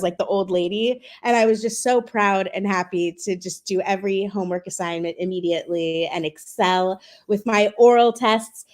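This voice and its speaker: A chatty woman in her thirties talks as a guest on a livestream. Her voice sits at a middle pitch, and she tells her stories in an animated, easy way. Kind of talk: casual interview chat.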